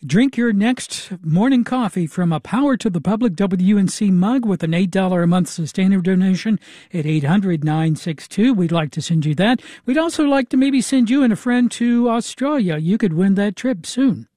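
Brief: male radio host, high and mellow, brisk fundraising patter, dry studio sound. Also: expressive, dry recording. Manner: brisk, repeats phone number. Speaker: radio pledge drive host. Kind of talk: on-air fundraising pitch. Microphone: studio microphone.

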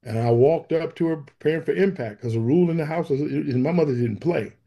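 A man's voice: fairly high pitch, fairly quick, vocal fry, slightly rough, lo-fi sound. A man earnestly recounting his faith testimony as an interview guest, bringing the story to life by acting out the dialogue. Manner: vivid storyteller who acts out quoted dialogue; earnest and emotional.

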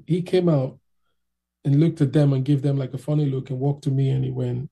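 A man with a very dark, gravelly voice tells a story in an interview, casual and animated. His tone is husky and a little rough, and he slips into the voices of the people he describes. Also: medium pitch, a little fast. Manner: animated, acts out voices in anecdotes.

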